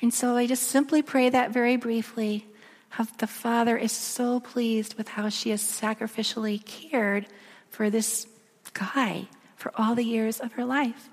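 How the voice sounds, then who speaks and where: A woman giving a sermon, telling a story and dropping to a soft near-whisper at emotional moments. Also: fairly high pitch, fairly even intonation, measured pace. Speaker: speaker. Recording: echoey long reverb of a large room.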